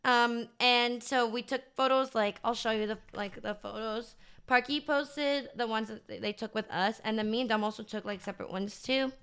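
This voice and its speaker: A woman's voice: on the high side, fairly even intonation, normal speed, fairly bright tone, clear, resonant tone. A young woman streamer chatting casually to her live chat, bubbly and gushing, with lots of fillers.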